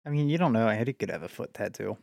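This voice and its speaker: Gravelly, teasing male podcast co-host. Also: on the low side, expressive, quick pace, darkish tone, dry recording, studio quality. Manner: teasing, laughs often, sarcastic. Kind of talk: casual chat.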